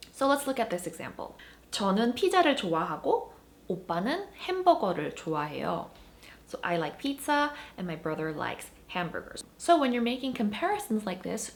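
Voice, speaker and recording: A woman gives an online grammar lesson at a brisk clip. Her voice rises and falls a lot as she acts out short example exchanges. She explains each point patiently. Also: medium pitch. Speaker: Korean language teacher.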